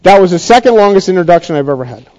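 Middle-aged pastor guy preaching, higher mellow voice, kinda dull lo-fi recording. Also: expressive, racing. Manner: conversational, asks the congregation questions. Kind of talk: sermon.

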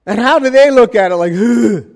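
Man, sermon, conversational, jokey asides, high voice, long hall reverb. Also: lively intonation, fast talker. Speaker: pastor.

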